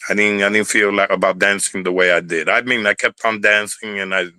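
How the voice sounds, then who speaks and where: Older bronx puerto rican guy rambling, repeats himself, low voice but bright and forceful, dry close sound. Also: fairly even intonation, a little fast, no echo, poor audio. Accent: New York Puerto Rican. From Bronx, New York. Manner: rambling, repeats words, drops curse words. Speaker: interview guest, former dancer. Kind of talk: casual storytelling interview.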